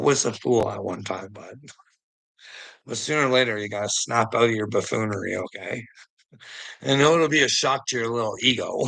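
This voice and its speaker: A man's voice: mid-range voice, creaky, bright, forceful tone, low-quality recording. A man hosting a rambling live stream, preaching and teasing a viewer directly, laughing often between lines. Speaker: livestream host.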